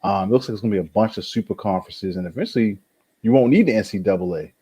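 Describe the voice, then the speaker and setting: A man's voice: lowish voice, rapid-fire, slightly rough. A man co-hosting a podcast in casual sports chat, laid-back and saying "man" often. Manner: laid-back, says "man" a lot, lively intonation. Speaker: podcast co-host.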